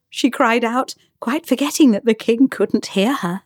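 Higher-voiced woman reading a storybook. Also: measured pace, few pauses, darkish tone, no echo, clean studio sound. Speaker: volunteer audiobook reader. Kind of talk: audiobook narration.

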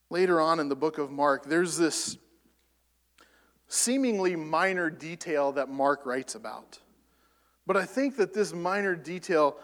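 Preacher man in a reverberant hall. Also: high voice. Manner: builds to loud emphatic peaks, then drops soft. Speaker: pastor. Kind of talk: sermon.

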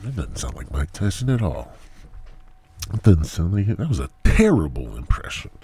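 A man's voice: deep voice, sing-song, moderate pace, dark tone. A man hosting a podcast alone, talking in a profane, rambling comedic monologue that drifts into mumbled asides. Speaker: podcast host. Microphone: new headset mic.

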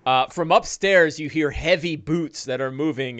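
A man narrating as game master, describing combat and breaking into loud monster voices. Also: mid-range voice, measured pace, few pauses, smooth. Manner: lively narration with shouted orc voices.

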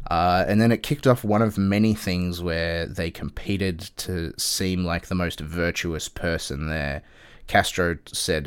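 A man's voice: low voice, clean tone, no echo. A man giving casual political commentary in a wry, sarcastic way, swearing freely and using lots of fillers.

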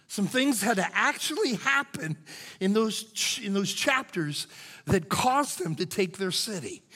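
A male pastor delivering a sermon, swinging between loud shouts and hushed asides. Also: high-pitched, big-room sound. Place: church sanctuary.

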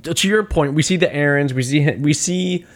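A man's voice: on the high side, brisk. A man co-hosting a casual podcast, recapping a film scene and acting out the characters' lines with lots of swearing. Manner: animated, acts out characters' lines, swears freely. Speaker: podcast co-host. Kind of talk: casual movie recap chat.

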